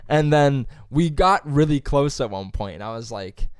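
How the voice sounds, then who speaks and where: A young man chatting as a podcast co-host, telling rambling, profane stories and acting out quotes loudly. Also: medium pitch, moderate pace, clean tone, no room sound, clean studio sound. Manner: animated, acts out quotes loudly. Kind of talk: casual chat.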